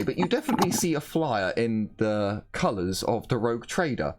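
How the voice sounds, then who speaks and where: A man's voice: medium pitch, sing-song, normal speed, hardly any pauses, soft background music. A man narrating a tabletop game as game master, wandering along with plenty of fillers and restarts. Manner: meandering, full of fillers and restarts.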